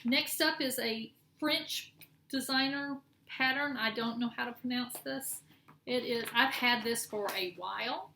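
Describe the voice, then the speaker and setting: Middle-aged woman, chatty show-and-tell vlogger, bright and fairly high voice, echoey room with faint hiss. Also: a little slow, creaky. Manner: chatty, rambling, self-correcting. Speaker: cross-stitch vlogger. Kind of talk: casual show-and-tell chat.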